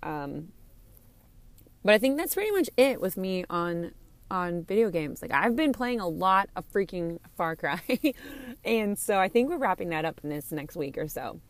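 A woman's voice: on the low side, very animated, moderate pace, dry recording. A young woman hosting a candid solo podcast, recorded in a car, talking in a gushing, chatty way full of "like". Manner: gushing, chatty, lots of "like" and "freaking". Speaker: podcast host and streamer.

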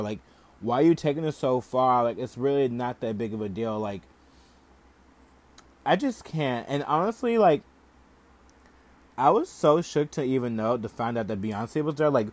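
A young man hosts a podcast and vents his opinions in a loose, heated rant. He swears often and leans on "like" between nearly every phrase. His voice sits at an ordinary middle pitch. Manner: heated, profane, heavy use of "like". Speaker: podcast host. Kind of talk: casual ranting commentary.

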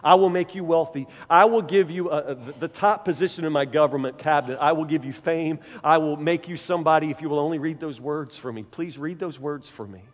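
A man's voice: high voice, lively intonation, normal speed, few pauses, pitched above the performer's own voice. A man voicing a wicked, drunken ancient king, with an exaggerated storyteller's delivery. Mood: pleading. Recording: long hall reverb.

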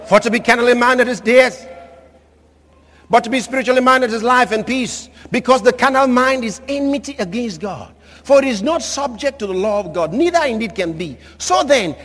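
A man preaching a sermon, leading the congregation in call-and-response and shouting at the high points. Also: animated, normal speed. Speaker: pastor. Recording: live hall with crowd and noise behind.

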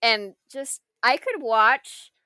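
A woman co-hosting a casual chat, retelling a film scene in an animated way, full of fillers and frequent laughter. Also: fairly high pitch, slow, smooth, dry recording.

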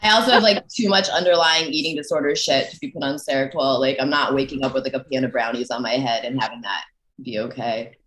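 Candid low-voiced woman guest. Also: fast talker, fairly bright tone, echoey room, slight background noise. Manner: candid, self-deprecating, swears casually. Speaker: podcast guest. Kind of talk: casual chat.

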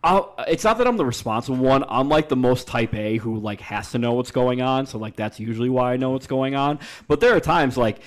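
A young man co-hosting a podcast, telling stories in a casual, animated way, acting out the people he quotes and swearing freely. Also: mid-range voice, a little fast, few pauses. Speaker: podcast co-host. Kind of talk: casual storytelling chat.

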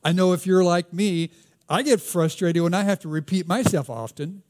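Male preacher, Southern US accent, fairly high voice, easygoing sermon delivery. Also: moderate pace, darkish tone. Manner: conversational, asks rhetorical questions, reads scripture aloud.

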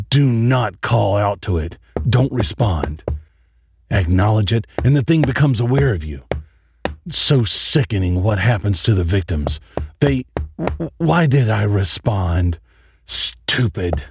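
Slow, dramatic horror narrator, low-voiced man. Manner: slow, dramatic, dread-filled reading. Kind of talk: horror story reading. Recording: noisy home recording.

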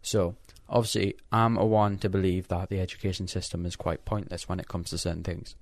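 Casual teenage lad telling a story. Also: male voice, sits low, level tone, a little fast, no echo. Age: teens. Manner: rambling storytelling, swearing. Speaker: co-host. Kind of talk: casual chat.

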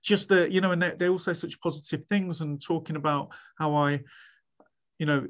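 A man's voice: a little high, normal speed. A man, a head teacher being interviewed, chatting animatedly with many restarts and acting out what others said. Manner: animated storyteller, many restarts, acts out quoted speech. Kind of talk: casual podcast interview.

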